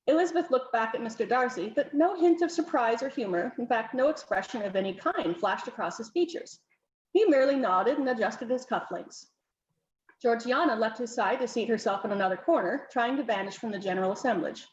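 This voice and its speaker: A woman's voice: fairly high pitch, expressive, a little fast, echoey room, muffled recording. A woman author reading her own novel aloud in an informal, non-professional way. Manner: informal, self-correcting reading.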